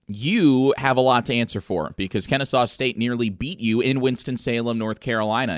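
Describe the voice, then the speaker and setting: A man's voice: on the low side, normal speed, fairly bright tone, clear, resonant tone, no echo. Dry, sarcastic young male sports radio host. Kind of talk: sports talk radio commentary.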